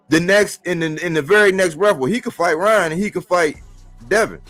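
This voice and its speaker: Male boxing streamer, slightly high voice, casual slangy rant, repeats lines for emphasis, soft music underneath. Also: moderate pace. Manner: animated, rhetorical, slangy, repeats phrases. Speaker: boxing commentator. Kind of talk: casual boxing talk monologue. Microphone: live-stream mic.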